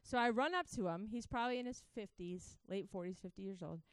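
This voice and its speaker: A woman's voice: medium pitch, a little fast, clean tone, dry recording, clean studio sound. A woman preaching a sermon, telling her own testimony with fervent, direct appeals to the listeners. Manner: impassioned, talks straight to the crowd.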